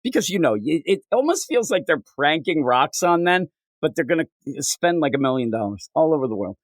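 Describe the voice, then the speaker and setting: A man with a highish, sing-song voice hosts a comics podcast at a brisk pace in a dry, clean studio recording. The casual comedic chat finds him riffing jokily and doing silly voices.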